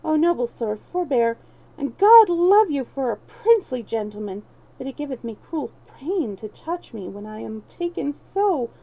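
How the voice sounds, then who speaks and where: Woman voicing a sly young male beggar-thief, scheming, mocking, archaic talk, mellow higher voice, storybook reading. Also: sing-song, moderate pace, vocal fry, exaggerated voice, rough recording.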